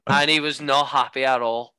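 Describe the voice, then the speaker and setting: A man's voice: medium pitch, moderate pace, clean tone, dry recording. A man co-hosting a podcast, telling jokey stories in casual chat. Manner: animated, jokey, slips into voices. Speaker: podcast co-host. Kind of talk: casual comedic storytelling.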